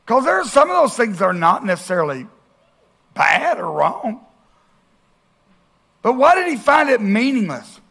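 A male pastor preaching a sermon, asking rhetorical questions and swinging between loud and hushed. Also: very high voice, big pitch swings, moderate pace, creaky, long pauses, breathy edge.

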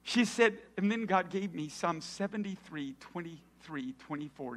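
Preaching man with hushed whispers. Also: high voice, animated, unhurried, few pauses. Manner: storytelling, swings from loud to hushed whispers. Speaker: pastor. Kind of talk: sermon.

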